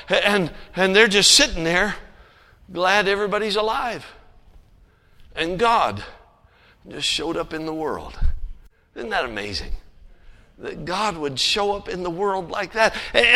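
A man preaching a sermon, telling a story with animated swings between loud emphasis and hushed asides. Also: high voice. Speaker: pastor. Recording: long hall reverb.

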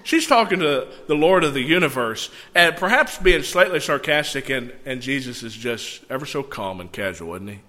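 Bright-voiced preacher in a reverberant church. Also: male voice, medium pitch, normal speed, hardly any pauses. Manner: animated, conversational asides between readings. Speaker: pastor. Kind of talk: sermon with scripture reading. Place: church sanctuary. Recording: long church hall reverb.

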